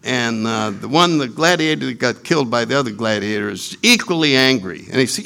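Animated male storyteller, lively voice. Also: medium pitch, brisk, gravelly, few pauses. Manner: animated, acting out voices, chuckling. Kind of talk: humorous spiritual storytelling.

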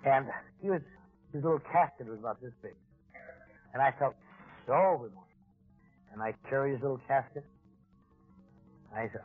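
A man with a husky voice gives an earnest, deliberate talk on recovery, slipping in wry asides. The sound is thin and tinny, like an old phone-line recording, with faint music underneath. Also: mid-range voice. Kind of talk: personal recovery talk to an audience.

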